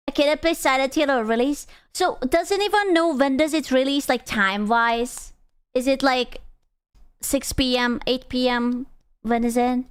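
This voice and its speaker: Young woman streamer, high clear voice, excitable and sweary. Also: normal speed. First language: Hungarian. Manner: excitable, swears, squeals and gasps in reactions. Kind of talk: casual chat reading out chat.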